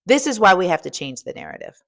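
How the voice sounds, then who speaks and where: A middle-aged American woman coach talks with a highly animated, swooping voice. She preaches in a casual, colloquial way, full of "y'all" and "ain't". She moves between quiet asides and loud, emphatic exclaiming. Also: quick pace. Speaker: coach and podcast host. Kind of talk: energetic motivational talk.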